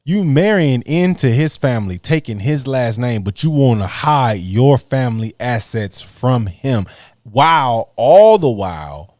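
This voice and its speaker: A man's voice: mid-range voice, a little mellow, dry recording, clean studio sound. A man hosting a podcast, reacting to clips in blunt, profane casual commentary and laughing mockingly.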